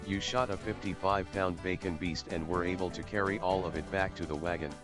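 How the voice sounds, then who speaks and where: A male text-to-speech voice reading viewer messages in an even, mechanical way. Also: sits low, brisk, over music. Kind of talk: synthetic reading of donation messages.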